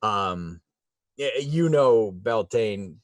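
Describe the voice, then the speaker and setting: A man's voice: on the low side, expressive, extremely slow, dry recording. A man running a tabletop game as game master, describing the scene in a rambling way with lots of fillers. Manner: rambling, with many fillers, laughing often.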